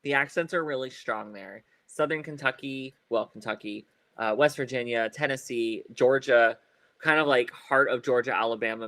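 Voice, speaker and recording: A man's voice: medium pitch, moderate pace, fairly bright tone, no echo. Man, podcast co-host, casual chat, rambling with fillers and laughs, slight stutter, dry close mic. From Ohio. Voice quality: occasional stutter. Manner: rambling, many fillers and restarts, laughs often.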